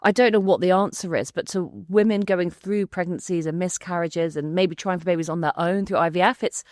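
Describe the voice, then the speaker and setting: Gentle woman podcast host, low dry voice. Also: steady tone, fairly quick, no room sound. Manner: gentle, affirming, asks long framing questions. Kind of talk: interviewing, supportive listening.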